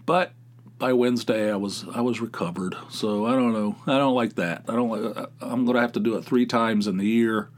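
A man hosts a solo podcast in a loose, rambling way. He reaches for words with plenty of you-knows and ums, and keeps a relaxed, offhand delivery. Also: on the low side, a little fast. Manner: rambling, laid-back, many fillers. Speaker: podcast host. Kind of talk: casual solo podcast chat.

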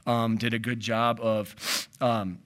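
A man's voice: on the low side, little pitch movement, slow, a bit bright. A man, a head coach, answering questions at a postgame press conference, rambling with frequent restarts and fillers.

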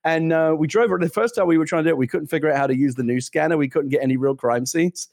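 A middle-aged British podcast co-host chats casually, telling stories animatedly with frequent laughs and restarts. His voice is a little high and quick with vocal fry, recorded at studio quality with no room sound.

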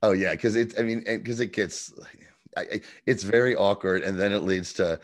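A man's voice: on the low side, moderate pace. A man co-hosting a casual podcast, recapping a TV episode, laughing often and acting out lines. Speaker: podcast co-host.

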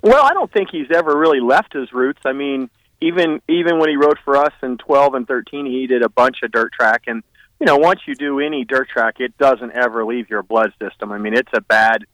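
A man's voice: medium pitch, brisk, a bit bright, dry recording, rough recording. A man speaking as a guest on a sports radio show, hesitant and full of fillers. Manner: hesitant, full of "you know" and "uh". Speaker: guest, dirt track business owner. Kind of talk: casual radio interview.

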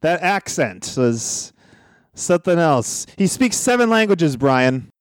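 Animated high-voiced male co-host. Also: slow pace, no room sound, clean studio sound. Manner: amused, laughs often. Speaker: podcast co-host. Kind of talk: casual chat.

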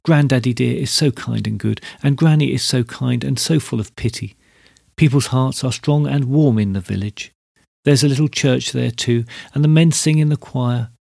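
A weeping young mother aches for her faraway home village, her words spilling out in a tearful plea, as a male narrator puts her on. The voice is husky with a gravelly edge, heard close and dry. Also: medium pitch, normal speed, a little mellow, dry recording. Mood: tearful longing. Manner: pleading, sobbing outpouring.

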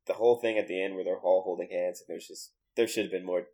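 A man co-hosting a casual podcast, telling animated, jokey stories. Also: deep voice, fast. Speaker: podcast co-host. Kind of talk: casual movie discussion. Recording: noisy background.

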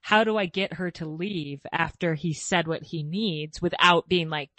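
A woman's voice: fairly low pitch, unhurried, fairly bright tone, dry recording. A woman hosting an interview and speaking as a mother, open and thoughtful in casual chat. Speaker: host and mother.

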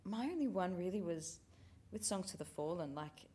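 An Australian woman talking about theatre in a lively casual chat. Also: fairly low pitch, moderate pace, breathy edge. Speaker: actor, writer.

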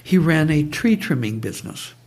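A man's voice: a little high, big pitch swings, moderate pace. A man guest telling stories in conversation, digressive and prone to tangents. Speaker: guest, brainwave trainer. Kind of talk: conversational storytelling.

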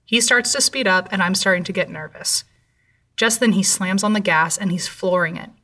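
A woman narrating a true horror story in a measured, somber way. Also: medium pitch, pushed and bright, recorded from a distance.

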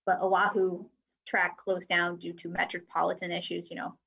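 A woman's voice: lowish voice, completely flat delivery, normal speed, gravelly, a bit bright, slightly rough, highs cut off. A woman guest talking casually about her work, chatty, with lots of fillers. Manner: chatty, with frequent fillers and light laughs. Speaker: guest from a drag racing timing system company. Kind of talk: casual interview chat.

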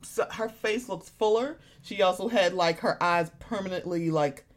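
A woman in her thirties chatting casually as a podcast co-host, animated and profane, often acting out what other people say. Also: lowish voice, normal speed. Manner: animated, profane, acts out quoted voices. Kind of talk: casual chat.

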